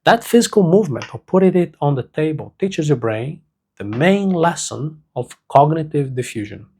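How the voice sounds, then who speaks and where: A man teaching a self-help lesson, speaking slowly and deliberately and repeating key words for emphasis. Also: a little high, very animated, darkish tone, breathy edge. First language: Portuguese.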